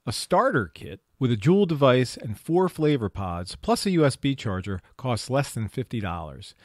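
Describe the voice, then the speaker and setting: A man co-hosts a pediatrics talk show and reads out facts and figures. His pitch moves a lot as he stresses points. The sound is dry and close. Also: big pitch swings, normal speed, dry recording. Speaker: podcast co-host, pediatrician. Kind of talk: casual health talk.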